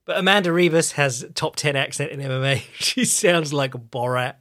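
A man's voice: fairly high pitch, normal speed, bright, forceful tone. A man with a posh English accent hosting a casual solo podcast, chatty and swearing casually. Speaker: podcast host.

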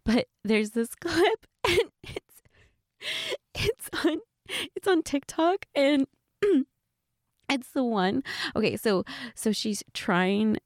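A woman's voice: fairly high pitch, expressive, slow pace, no echo, clean studio sound. A woman in a one-sided role-play chat, telling a friend a story, giggly and laughing as she talks. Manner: giggly, keeps laughing and restarting.

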